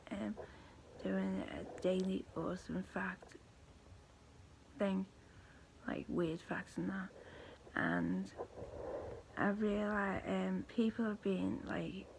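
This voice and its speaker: Weak-voiced woman, halting. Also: medium pitch, little pitch movement, noisy background. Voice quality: weak, thin voice. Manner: halting, slow speech with pauses, restarts and fillers; often drops to a breathy near-whisper. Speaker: vlogger. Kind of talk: personal storytelling to camera.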